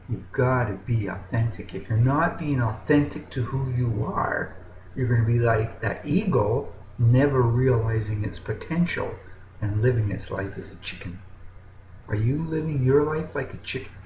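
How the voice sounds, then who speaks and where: A man telling a fable with a moral as a motivational storyteller, slow and dramatic, with big swings in emphasis. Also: mid-range voice, roomy sound, noisy background.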